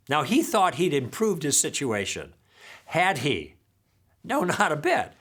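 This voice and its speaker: A man's voice: fairly high pitch, a little slow, breathy edge. A man giving a recorded teaching talk, telling stories from his own conversations and acting out both sides, often checking in with the audience by asking "okay?". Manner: animated storyteller who acts out dialogue and checks in with "okay?". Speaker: apologetics teacher.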